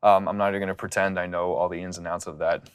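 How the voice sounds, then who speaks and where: A man talking casually through his studio process as a music producer, relaxed and rambling with plenty of fillers, on a studio condenser mic. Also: low-pitched, fast talker, smooth.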